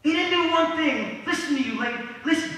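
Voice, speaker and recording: A preacher playing an angry, scornful male atheist neighbor who scolds loudly, heard from afar in an echoey hall. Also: very high voice, a little fast, far from the mic, pitched above the performer's own voice. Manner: shouting, scolding.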